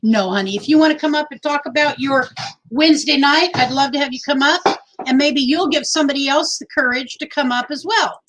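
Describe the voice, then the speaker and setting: A woman's voice: high-pitched, fairly quick, a bit bright, rough recording. A middle-aged woman from Texas hosting a casual livestream, chatty and rambling as she reads out names from the chat into her phone. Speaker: livestream host.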